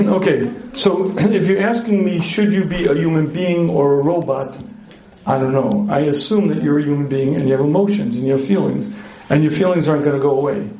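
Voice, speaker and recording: A middle-aged man giving a joking, animated marriage seminar talk to a live audience, clearing his throat often. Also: fairly high pitch, brisk. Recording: echoey hall.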